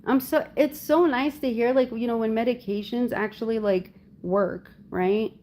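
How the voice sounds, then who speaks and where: A woman's voice: on the high side, steady tone, moderate pace, darkish tone. A young adult woman hosting a casual live chat, telling a long personal story in a loose, rambling way full of "like" fillers. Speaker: livestream host talking with viewers.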